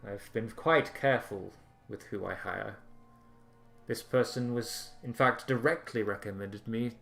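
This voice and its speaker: A man voicing a formal, long-lived male Digimon lord who speaks in a measured, stately way. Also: lowish voice, gravelly, a bit bright, faint music behind. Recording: echoey room.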